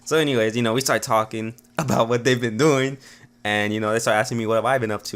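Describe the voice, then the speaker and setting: A man's voice: mid-range voice, steady tone, fast. A man vlogging a rambling story in a casual, profane way, full of "you know" and "like" fillers.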